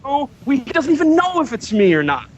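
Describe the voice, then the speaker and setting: A man with a high voice, pleading his case insistently and trying to hold the floor against interruptions. The sound is muffled, as over online call audio. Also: huge pitch swings, brisk, slight background noise. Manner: defensive, insistent, keeps asking to be heard. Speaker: guest defending himself. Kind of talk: heated online call argument.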